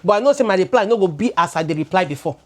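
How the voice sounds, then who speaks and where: A Nigerian woman in her thirties, co-hosting a relaxed talk show. She talks animatedly, drifts between English and Pidgin, and circles back over her own words as she makes her point. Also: lowish voice, racing. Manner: animated, switching into Pidgin, laughing, repeating words as she goes. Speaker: co-host. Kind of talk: casual chat.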